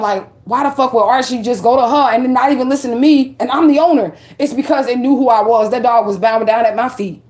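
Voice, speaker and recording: A young woman hosting a livestream as a spiritual reader, telling stories in a blunt, profane, animated way. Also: a little high. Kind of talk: casual livestream storytelling.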